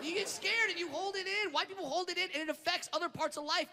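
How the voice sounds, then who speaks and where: Brash stand-up man, very high voice, profane and shouty; live stage with audience noise. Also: fast talker, long reverb tail. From Southern California. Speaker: stand-up comedian. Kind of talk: stand-up set. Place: comedy stage before a laughing audience.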